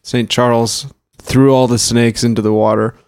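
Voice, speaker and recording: A man's voice: medium pitch, flat delivery, normal speed, a little mellow, clean tone. A man from Canada trading sardonic, profane jokes in improvised comedy banter.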